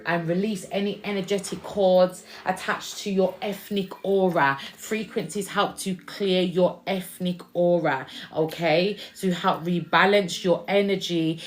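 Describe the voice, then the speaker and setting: A woman giving a casual spiritual tarot reading to camera, chatty, checking in with "okay?" and calling viewers "babes". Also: lowish voice. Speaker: tarot reader.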